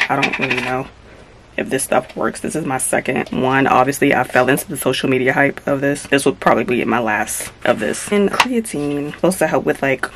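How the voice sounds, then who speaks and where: Soft-spoken woman vlogging at home. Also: very deep voice, heavy background noise. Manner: hushed and soft, trying not to wake others. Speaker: fitness vlogger. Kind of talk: casual vlog narration. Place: home, early morning.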